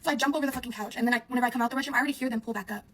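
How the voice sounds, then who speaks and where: A young woman talks straight to her viewers in a fast, breathless rush. Her voice sits a little high, and her story keeps circling back on itself through constant "like"s and casual swearing. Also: steady tone, fairly bright tone, slightly rough. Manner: rambling, heavy use of "like", frequent swearing. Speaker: vlogger.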